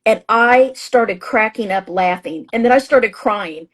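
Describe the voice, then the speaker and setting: A woman with a voice pitched a little high talks as a guest astrologer in a relaxed interview. She speaks in a chatty, emphatic way, restarting sentences and filling pauses as she goes. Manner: acts out her own past thoughts in a raised voice. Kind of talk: casual interview talk.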